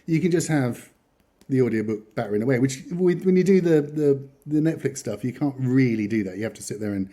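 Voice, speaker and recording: Guy hosting a podcast, warm mellow voice, rambling chatty, laughs a lot. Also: mid-range voice, animated, a little fast. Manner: chatty, rambling, chuckles often. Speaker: podcast host. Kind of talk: casual chat.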